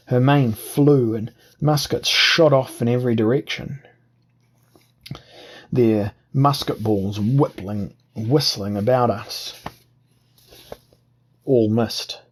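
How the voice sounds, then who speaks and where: Slow gravelly male narrator. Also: medium pitch, a little mellow. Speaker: audiobook narrator. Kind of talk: scripted narration.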